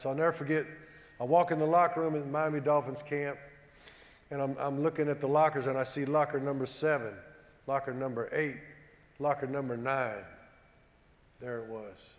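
A man telling a humorous, self-deprecating story to a live audience, animated and acting out the dialogue. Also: medium pitch, normal speed, long pauses. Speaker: former football player giving a talk. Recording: echoey hall with long reverb.

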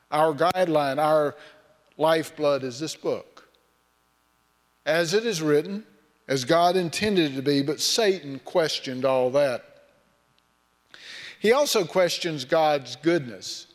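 A man's voice: a little high, moderate pace. Folksy preacher man in a reverberant hall. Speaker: pastor. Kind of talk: sermon.

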